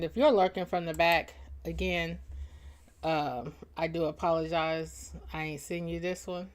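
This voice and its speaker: A woman hosting a casual livestream, greeting viewers by name with playful, teasing banter and frequent laughter. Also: lowish voice. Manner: laughs often between lines. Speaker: livestream host and chat moderator.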